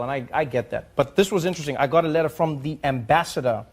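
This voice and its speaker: A man from South Africa performing stand-up comedy, acting out both sides of imagined phone calls in raised, animated voices. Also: a little high, quick pace, hardly any pauses, slight background noise. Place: comedy stage with a live audience.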